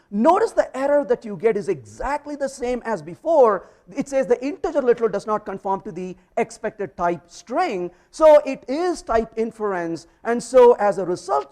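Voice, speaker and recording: A man giving a live technical presentation, demonstrating code with energetic, emphatic delivery and playful asides. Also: high-pitched. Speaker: conference speaker teaching programming.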